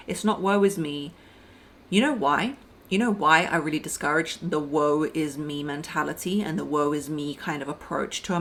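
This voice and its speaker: Talking straight to camera in a fairly low voice, a woman relationship coach gives frank, casual advice. She addresses the listener like a friend, calling her "girl" and "babe," and acts out quoted voices mid-sentence.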